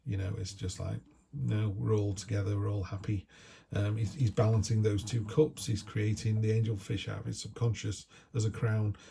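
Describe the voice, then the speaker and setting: A middle-aged man gives a chatty, down-to-earth tarot reading in a low, gravelly voice with a warm, mellow tone. A faint hiss sits behind him. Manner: chatty, down-to-earth, acts out little quoted asides. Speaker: tarot reader.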